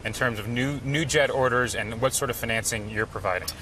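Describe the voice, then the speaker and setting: A man interviewing a guest for a news program, asking brisk, probing questions with a wry turn. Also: medium pitch, recorded from a distance, background noise.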